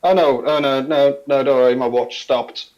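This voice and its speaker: A man voicing a sardonic, fussy gentleman adventurer in a tabletop game, with dry, clipped quips. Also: mid-range voice, fairly even intonation, moderate pace, slight background noise, close to an everyday voice. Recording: slightly dull, lo-fi mic.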